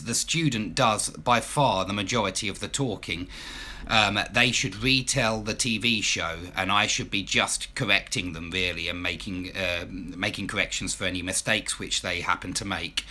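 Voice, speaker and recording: A man with an Estuary English accent from Essex answers viewers' questions as an English teacher. His voice is bright and forward, and he talks loosely, with frequent ums and restarts. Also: fairly low pitch, moderate pace. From Southend, Essex, England. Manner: casual, chatty, many ums and restarts. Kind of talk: live Q&A stream.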